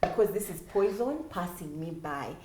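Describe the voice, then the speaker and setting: A woman's voice: on the low side, expressive, moderate pace, noisy background. Candid Ugandan woman telling stories. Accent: Ugandan English. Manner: candid storytelling, mimics other voices. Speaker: podcast co-host. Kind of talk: casual chat. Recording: roomy echo.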